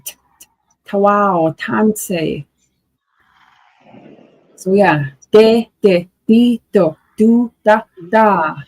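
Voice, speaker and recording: A woman teaching a language lesson, slowly sounding out syllables and words in casual drills. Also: medium pitch, a little mellow, poor audio. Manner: slow, drawn-out syllable drills.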